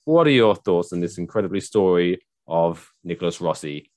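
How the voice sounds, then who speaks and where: A man's voice: deep voice, animated, moderate pace, a little mellow, no echo, clean studio sound. A man in his thirties co-hosting a podcast, reading out a news story with joking asides. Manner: chatty, jokey, reads news aloud with asides. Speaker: podcast co-host. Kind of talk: casual news chat.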